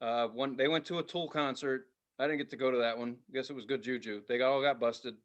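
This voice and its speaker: A man's voice: mid-range voice, brisk, dull audio. A man co-hosting a podcast, telling stories in casual chat and acting out the other people's voices. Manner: animated, acts out the voices in his stories. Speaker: podcast co-host.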